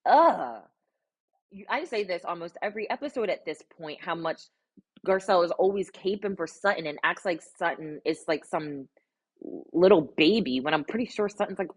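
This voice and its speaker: Young woman host, sassy casual commentary, lowish voice, close mic. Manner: sassy, animated, exasperated asides. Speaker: reality TV recap host.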